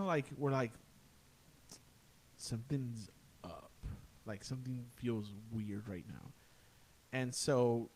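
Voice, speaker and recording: Podcast guest, young man, mid-pitched, rambling ghost story full of swearing and filler words. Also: a little mellow. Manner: profane, peppered with "dude" and "like". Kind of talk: casual ghost-story telling.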